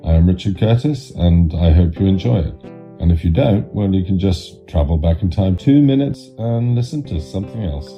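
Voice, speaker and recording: A man doing a deep, mellow filmmaker introducing a show. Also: expressive, moderate pace, lo-fi sound. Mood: genial. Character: famous male filmmaker, impression, introducing the podcast. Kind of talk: podcast intro. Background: faint guitar music.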